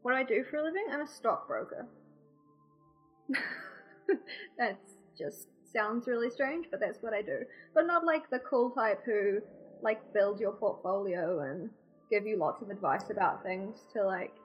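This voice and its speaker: A woman's voice: mid-range voice, expressive, unhurried, husky, highs cut off, faint music behind. A young woman with a New Zealand accent chatting casually on a podcast, rambling with lots of fillers and poking fun at herself. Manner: rambling, many fillers, self-deprecating. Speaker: podcast co-host. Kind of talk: casual chat.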